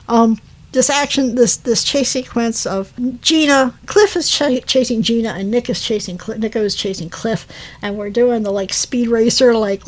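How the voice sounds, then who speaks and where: Higher-voiced woman recapping a movie. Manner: rambling, lots of fillers and self-corrections, laughing asides. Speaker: podcast co-host. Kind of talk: casual movie recap chat.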